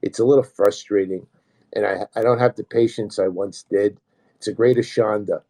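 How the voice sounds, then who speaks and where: A man's voice: lowish voice, fairly even intonation, moderate pace, mellow. A man hosting an online commentary show, talking casually, swearing often and throwing rhetorical questions at his listeners. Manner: profane, agitated, rhetorical questions to the audience. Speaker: host.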